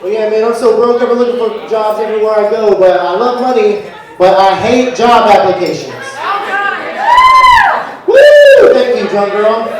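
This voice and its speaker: A young man with a high voice works a live crowd through a loose, profane, self-mocking stand-up set. He is heard from far off in an echoey room, with audience laughter around him. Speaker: stand-up comedian. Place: comedy venue in front of a live audience. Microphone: handheld microphone. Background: audience laughter and heckling.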